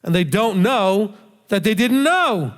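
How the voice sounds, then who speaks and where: A man's voice: high-pitched, sing-song, takes it slowly. A male rabbi giving a conversational sermon, emphatic and full of rhetorical questions he answers himself. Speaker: rabbi teacher. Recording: long hall reverb.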